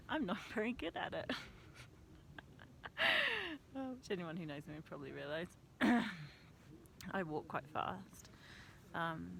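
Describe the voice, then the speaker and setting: A woman's voice: lowish voice, gravelly, a bit bright, slight background noise. A young woman talking casually and reflectively outdoors on a mountain trail, laughing often at herself. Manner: chatty, laughs often, self-deprecating. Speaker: vlogger.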